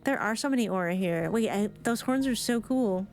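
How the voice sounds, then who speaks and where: A woman's voice: mid-range voice, lively intonation, brisk, darkish tone, soft background music. A woman streamer chatting playfully through gameplay with silly asides. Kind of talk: casual gameplay commentary.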